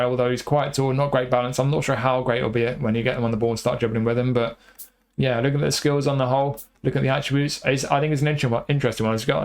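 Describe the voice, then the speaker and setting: Male game reviewer, quick delivery, flat intonation, rambling with fillers. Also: mid-range voice. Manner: rambling, repeats himself, many fillers. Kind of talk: casual commentary over gameplay.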